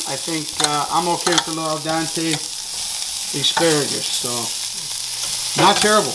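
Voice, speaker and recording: A man's voice: high-pitched, background noise. An enthusiastic, chatty man hosting a casual cooking review vlog, sometimes talking while he eats. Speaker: cooking channel host.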